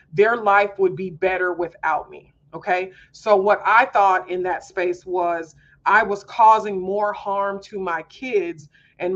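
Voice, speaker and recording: A woman's voice: fairly low pitch, a bit bright, muffled recording. A woman hosting a homeschool mom podcast, talking earnestly in a candid personal monologue, confiding and full of fillers.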